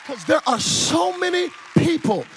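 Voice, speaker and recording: A male pastor preaches to a live congregation in a high, bright voice. He moves from playful storytelling into shouted, animated exhortation and calls the crowd to answer him back. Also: measured pace, a little hiss or hum. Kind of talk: sermon with storytelling.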